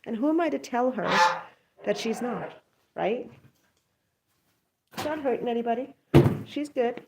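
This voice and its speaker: A woman's voice: fairly high pitch, lively intonation, a little slow, vocal fry, heavy background noise. A woman in her thirties chatting casually while she puts her backyard birds to bed, rambling and stopping to coo at them. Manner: rambling, stops to coo bedtime words at the birds. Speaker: pet goose vlogger. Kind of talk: casual chat while doing evening chores. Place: outdoors by a backyard coop.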